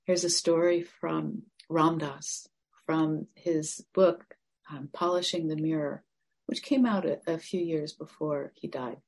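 A woman meditation teacher giving a gentle, reflective dharma talk that sometimes drops to a near-whisper. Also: on the low side, normal speed, slightly rough.

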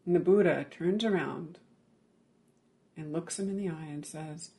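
Telling a legend during a Buddhist dharma talk, a meditation teacher speaks in a measured, pause-filled way, often asking "right?" and sinking to a near-whisper on key words. The voice is mid-range, gravelly and darkish.

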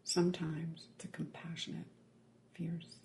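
A meditation teacher giving a Buddhist dharma talk, telling a legend in a measured way with many pauses, often checking in with "right?" and dropping to a near-whisper on key words. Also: medium pitch, monotone, a little mellow, slight background noise.

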